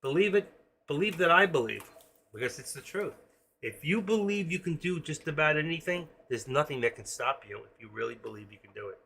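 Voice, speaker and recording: A man in his sixties, an excitable day trader who rambles through a casual live-stream commentary with pep-talk asides. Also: fairly high pitch, a little fast, vocal fry, a little hiss or hum. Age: 60s.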